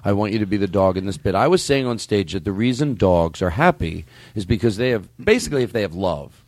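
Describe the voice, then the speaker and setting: A man hosting a comedy chat, rambling and animated as he works out a bit, with bursts of laughter. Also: on the low side, fast, dry recording. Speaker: comedian host.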